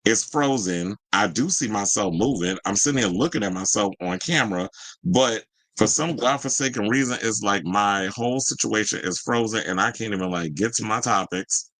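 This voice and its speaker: Low-voiced man chatting on a livestream. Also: normal speed, a bit bright, dry recording. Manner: chatty, easily irritated, talks to viewers as y'all. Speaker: livestream host. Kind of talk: casual live commentary, reading news aloud.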